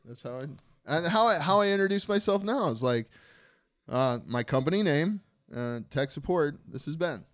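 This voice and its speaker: A man's voice: fairly high pitch, lively intonation, normal speed. A man co-hosting a casual podcast chat, rambling and laughing as he jokes with friends. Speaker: podcast co-host.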